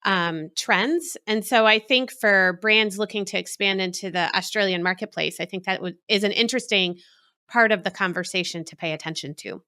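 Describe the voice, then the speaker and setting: A woman co-hosts a business podcast with a light, playful manner. Her voice is bright, with a crisp edge. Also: medium pitch, normal speed. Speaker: podcast co-host. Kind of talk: casual podcast chat.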